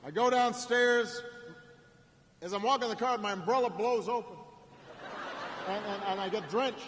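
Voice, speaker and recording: A man with a fairly high voice tells a story at a political rally. He repeats and restarts his words, pausing for effect. His voice rings through a large arena with a long echo and faint background ambience. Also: background noise. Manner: repeats words and restarts, builds stories with dramatic pauses. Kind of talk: storytelling campaign speech.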